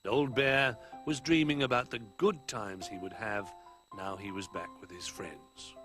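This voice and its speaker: A man reading a children's storybook aloud in an expressive way, dropping to a hush for the quiet moments. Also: on the low side, measured pace, over music, low-quality recording. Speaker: narrator.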